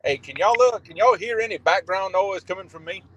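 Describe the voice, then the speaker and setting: A man with a South Louisiana accent chatting casually on a fishing livestream call from a loud truck, easygoing and often restarting his words. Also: high-pitched, brisk, a little hiss or hum, rough recording. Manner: easygoing, chuckles often, repeats words as he starts. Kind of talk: casual chat.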